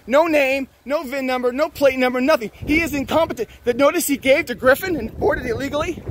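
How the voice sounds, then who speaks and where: A man's voice: very high voice, quick pace, fairly bright tone, a little hiss or hum, low-quality recording. A man confronting officials outdoors at a harbor, angry, accusatory and profane. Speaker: boat owner confronting officials. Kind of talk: heated confrontation, filmed.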